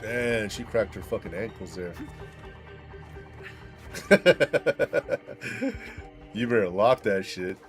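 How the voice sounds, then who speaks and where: A man hosting a gaming channel, chatting casually while he plays and telling stories in an excitable, profane way full of "dude". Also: on the low side, moderate pace, few pauses, soft background music.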